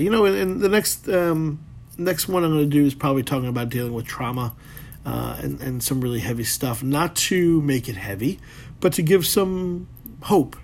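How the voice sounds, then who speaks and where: A man hosting a solo motivational podcast, talking in a loose, rambling way with plenty of fillers and swearing. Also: a little high. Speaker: podcast host.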